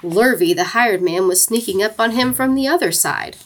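A woman narrating a children's storybook aloud in an expressive, playful way. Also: mid-range voice, normal speed, a little hiss or hum.

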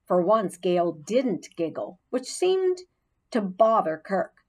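A woman with a medium-pitched voice narrates a children's audiobook. Her storytelling is expressive and unhurried, and she gives each character a distinct voice.

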